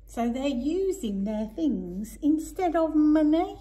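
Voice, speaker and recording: A woman teacher reading a picture book aloud to young children, gentle, asking them questions and often dropping to a whisper. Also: high-pitched, very animated, takes it slowly, few pauses. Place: home, remote lesson.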